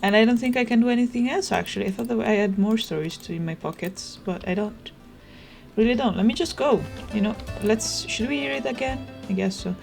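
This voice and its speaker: A young woman chatting casually as she plays a video game, rambling and thinking out loud. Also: a little high, fairly quick, creaky. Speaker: gaming streamer. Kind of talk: casual let's play commentary. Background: game music.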